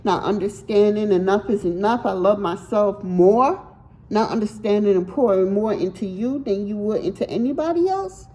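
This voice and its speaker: A woman's voice: mid-range voice, dark tone, rough recording. A woman giving a casual tarot reading to her viewers, speaking bluntly and emphatically, swearing freely and repeating words as she searches for them. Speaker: tarot reader.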